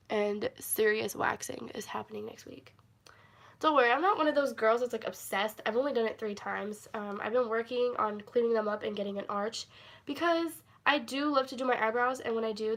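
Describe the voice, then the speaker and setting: A woman with a voice pitched a little high, telling stories in a loose, rambling way on a livestream. She giggles between thoughts and leans on fillers. The delivery is casual story-time chat. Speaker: livestream host.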